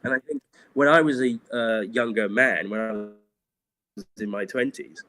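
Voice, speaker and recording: A man's voice: medium pitch, normal speed, bright, forceful tone. Candid, rambling middle-aged man. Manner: candid, rambling, laughs often, many fillers. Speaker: animator guest. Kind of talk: casual interview chat.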